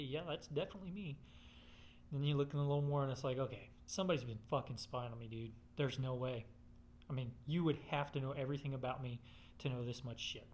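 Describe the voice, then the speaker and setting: A man's voice: medium pitch, a little mellow, slight background noise. A man telling a rambling personal story in casual chat, swearing constantly.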